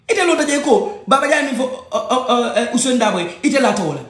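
A man's voice: very high-pitched, expressive, brisk, few pauses, a bit bright. A man with a Gambian accent giving a heated personal rant, agitated and repeating his points. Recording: echoey room.

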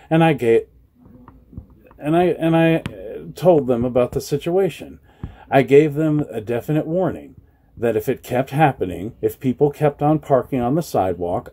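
Man, personal vlog rant, furious, cursing, middling pitch, louder bursts. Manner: agitated, swears a lot, shouts at times. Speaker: vlogger.

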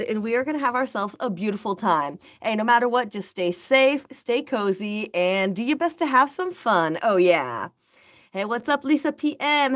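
A woman hosting a casual game live stream, upbeat and easygoing, greeting viewers by name and chatting between moves. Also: on the high side. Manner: laid-back slang like "rock on" and "baby".

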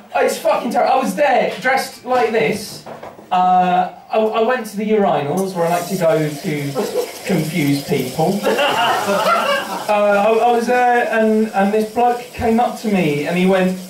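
A man's voice: high voice, measured pace, slight background noise. An English man doing a brash, sweary, self-mocking stand-up set in a small pub comedy room. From England. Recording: roomy sound from a distant mic, audience reacting. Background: audience laughter.

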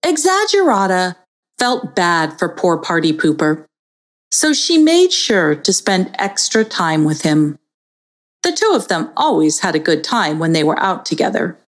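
A woman narrating a children's story in an expressive, storytelling manner. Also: fairly low pitch, unhurried.

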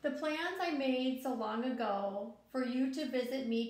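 A woman reading a picture book aloud to young children, gentle and expressive, pausing to talk to her listeners. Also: sits high, heavy reverb. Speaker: children's story time reader.

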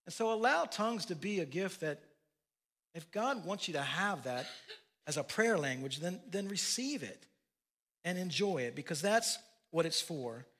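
A man's voice: sits high, expressive, normal speed, fairly bright tone. An older man preaching a sermon as pastor, telling folksy family stories with asides. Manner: folksy storytelling with laughs and asides.

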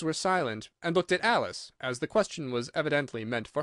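A man reading a children's audiobook with an expressive, animated delivery. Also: a little high, brisk, hardly any pauses, no room sound, clean studio sound. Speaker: audiobook narrator. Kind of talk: audiobook narration.

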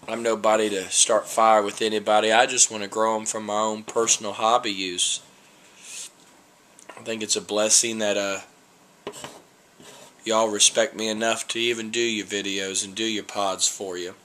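Bright-voiced man reviewing peppers. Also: on the low side, a little hiss or hum. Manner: rambling, laid-back, folksy slang. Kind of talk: casual vlog tasting review.

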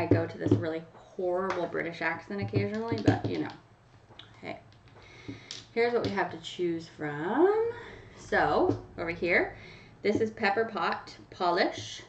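A chatty woman from Canada hosts a live stream, talking straight to viewers by name. Her voice has a gravelly edge and sits back from the mic, in a roomy space. The sound is dull and lo-fi. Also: on the low side, recorded from a distance, slight background noise. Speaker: livestream host running a nail polish giveaway. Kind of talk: casual live chat to viewers.

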